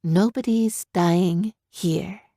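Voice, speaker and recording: Woman voicing a calm griffin mother. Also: on the low side, no room sound, clean studio sound. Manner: calm, cold and measured. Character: calm, cool-headed female griffin mother.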